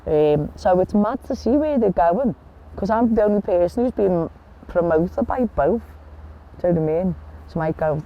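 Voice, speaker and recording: A woman's voice: fairly low pitch, expressive, normal speed, muffled recording. A woman boxer in a casual interview, blunt and chatty, swearing freely as she tells stories. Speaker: boxer guest.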